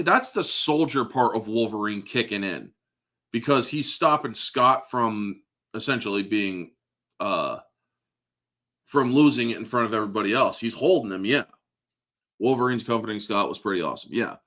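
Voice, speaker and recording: In a casual movie review chat, a man in his 30s hosting a podcast talks animatedly at a moderate pace. His voice is medium-pitched with a fairly bright tone, and he gets emotional, swears, and laughs a lot.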